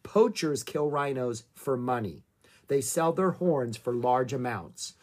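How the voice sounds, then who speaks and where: A storybook reader voicing a calm, protective man ranger who speaks firmly and gently. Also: mid-range voice, takes it slowly. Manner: firm, gentle.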